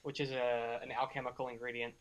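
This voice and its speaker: A man's voice: medium pitch, little pitch movement, brisk, low-quality recording. A man narrating as game master of a tabletop game, in a loose, rambling way with many fillers.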